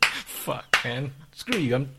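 A man co-hosting a podcast in relaxed, joking banter, with laid-back, mumbled comebacks. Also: medium pitch, slow, vocal fry, noisy background. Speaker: podcast co-host. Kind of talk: casual profane banter.

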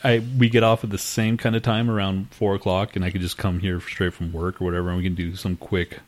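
A man co-hosting a podcast, excitable and swearing in casual banter. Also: low voice. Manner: excitable, swearing, quick to laugh. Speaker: podcast co-host.

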